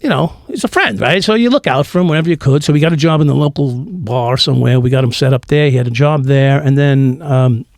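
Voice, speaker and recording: A man's voice: mid-range voice, fast talker, few pauses, dry recording, clean studio sound. A man around sixty, a former police officer telling profane, laughing stories in a casual interview. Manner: profane, laughing anecdotal storytelling.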